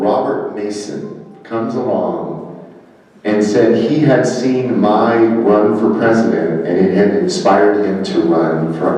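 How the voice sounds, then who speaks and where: A man's voice: lowish voice, dark tone. A man running for office, giving a public talk and telling stories in a conversational way, acting out the people he quotes. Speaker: political candidate giving a talk. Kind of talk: public speech. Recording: echoey hall, mic far off.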